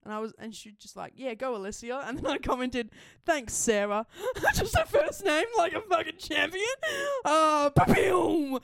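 Lively high-voiced woman laughing. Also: moderate pace, creaky, hardly any pauses, no echo. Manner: laughs often, excitable storytelling. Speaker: podcast co-host. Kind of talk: casual chat.

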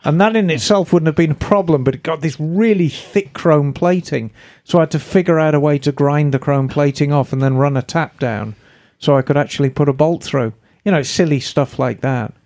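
A woman's voice: low voice, fairly quick, dark tone. Chatty woman co-hosting a motorcycle podcast. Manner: chatty, easygoing, casual swearing. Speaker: podcast co-host. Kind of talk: casual chat, reading listener emails.

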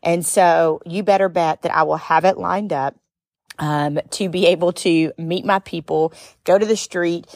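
A middle-aged woman hosting a podcast, telling a personal story in an expressive, sometimes tearful way that rises into high exclamations. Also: measured pace, no echo, studio quality. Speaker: podcast host and speaker. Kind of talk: emotional storytelling monologue.

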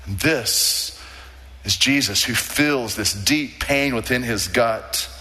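A man preaching a sermon as pastor, earnest and emphatic, dropping low and slow on key words. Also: bright, forceful tone. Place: large church sanctuary. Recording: long hall reverb.

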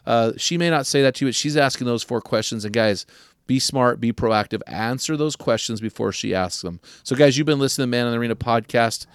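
An older man hosting a podcast, giving earnest advice to men and slowing down to stress key questions. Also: mid-range voice, smooth, dry recording, studio quality. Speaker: podcast host.

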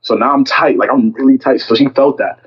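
A young man with a husky voice tells a story in casual chat and acts out every line of the argument. His voice is mid-pitched. The recording sounds dull and lo-fi. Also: brisk. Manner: animated storytelling, acting out both sides of an argument.

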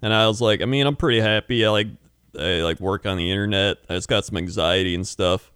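A man's voice: fairly low pitch, fast, fairly bright tone, clean tone, no echo, studio quality. A man co-hosting a casual podcast chat, rambling through stories and laughing often. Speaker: podcast co-host.

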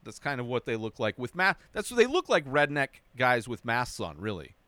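A young man hosts a casual spoken movie review, talking briskly in a dry recording with no echo. He's animated and mocking, sometimes slipping into a high, whiny voice to imitate characters.

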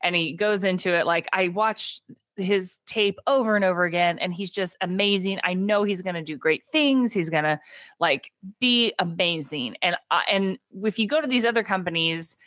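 Animated woman recapping a movie, dry close sound. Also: fairly low pitch, dry recording. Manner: animated retelling with quick voiced quotes and laughs. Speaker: podcast co-host. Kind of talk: casual movie recap chat.

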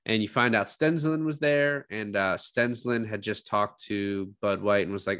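A man's voice: on the low side, moderate pace, hardly any pauses, a bit bright, clean tone, no echo. A man co-hosting a casual film chat, rambling and swearing freely as he retells scenes. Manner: rambling, profane, acts out quotes. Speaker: podcast co-host discussing a film.

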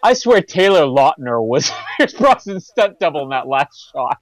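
A man's voice: fairly high pitch, very animated, moderate pace, no echo. A man co-hosting a podcast in casual movie-review chat, laughing often and enthusiastic with joking asides. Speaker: podcast co-host.

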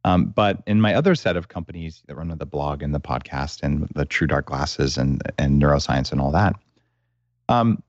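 Podcast host, male, very low voice, direct questioner, dry muffled sound. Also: no echo. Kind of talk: casual interview chat.

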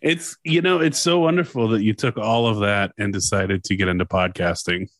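A young man with a slightly low voice co-hosts a relaxed podcast, throwing in dry teasing jabs. The recording is close and without room sound. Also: normal speed, no echo. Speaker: podcast co-host. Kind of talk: casual chat.

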